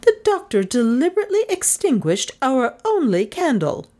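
A woman doing a sharp, commanding old spinster. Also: sits high, very animated, pitched above the performer's own voice. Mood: cold anger. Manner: brisk, cold, commanding.

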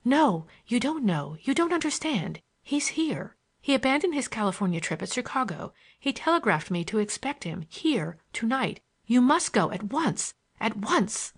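Woman doing a nervous young society girl in an audiobook, soft and pleading, voice lifted a bit higher. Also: sing-song, normal speed. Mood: anxious. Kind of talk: audiobook character voice.

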